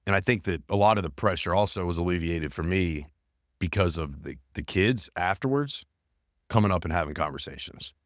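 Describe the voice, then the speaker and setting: Deep-voiced earnest male podcast host. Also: a little fast, no room sound, clean studio sound. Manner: earnest and emphatic, repeats phrases. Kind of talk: casual podcast conversation.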